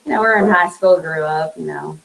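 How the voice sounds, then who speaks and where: A woman, a guest on a live podcast, talking casually and softly, trailing off with fillers and little laughs. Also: deep voice, brisk, gravelly, a little hiss or hum, poor audio. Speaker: interview guest. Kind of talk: casual remembrance chat.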